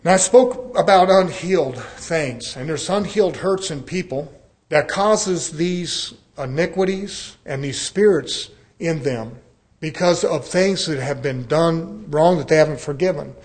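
A man preaching with earnest conviction in a voice that sits a little high for a man. He talks to his congregation as brethren and slips into a relaxed storytelling delivery, acting out the dialogue in his examples. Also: unhurried. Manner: conversational storytelling with acted-out dialogue. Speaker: pastor. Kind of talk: sermon.

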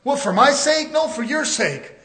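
Man preaching hard, high bright voice, shouts then goes quiet. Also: animated, moderate pace. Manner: preaching, rising to shouts and dropping low. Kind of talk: fiery sermon.

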